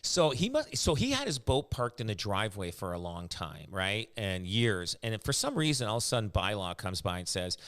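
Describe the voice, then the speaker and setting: A man's voice: lowish voice, sing-song, fairly quick, few pauses, fairly bright tone. A man chatting casually as a podcast host, rambling with lots of fillers and restarts. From Canada. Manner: rambling, many fillers and restarts, laughs often. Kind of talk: casual chat.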